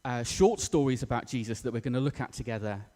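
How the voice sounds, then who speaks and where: A man's voice: medium pitch, fast talker, mellow. A man preaching a sermon in a church, casual and self-deprecating with plenty of fillers. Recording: echoey church hall.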